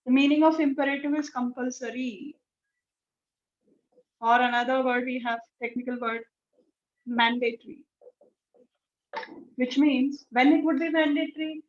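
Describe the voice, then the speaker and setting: High-voiced teacher, echoey room. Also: female voice, fairly even intonation, measured pace, long pauses. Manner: explanatory, repeats key words, acts out example sentences. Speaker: English teacher. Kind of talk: classroom grammar lesson. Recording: echoey, dull classroom recording.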